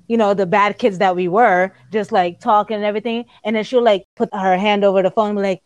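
Woman telling a family story, does voices, mid pitch, dry sound. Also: fast, hardly any pauses, dry recording. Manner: storytelling, animated impressions of others. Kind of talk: casual conversation.

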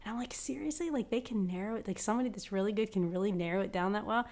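A woman's voice: mid-range voice, rapid-fire, a little mellow. A young adult woman with a West Virginian accent, co-hosting a casual podcast, frank and ranting, with lots of "like". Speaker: podcast co-host.

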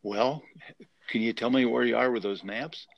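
A man in his sixties voicing a brisk female emergency dispatcher in his own gravelly voice. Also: mid-range voice, steady tone, no echo, highs cut off, lightly acted.

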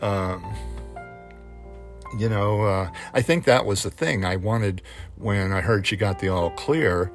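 A man with a fairly low voice gives a personal, reflective monologue, halting and hesitant with many fillers. He's candid and swears casually, with faint music in the background.

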